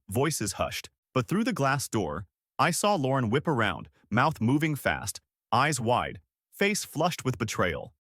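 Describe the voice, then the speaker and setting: A man narrates a dramatic first-person story in a scripted reading. His pitch rises and falls a great deal as he goes. The recording is dry and close, with no room sound. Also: fairly bright tone, no room sound.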